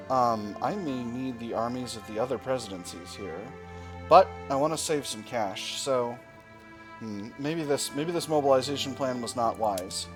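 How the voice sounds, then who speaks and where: A man commenting on a strategy game he is playing, thinking aloud with dry, wry asides. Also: mid-range voice. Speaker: gaming video host.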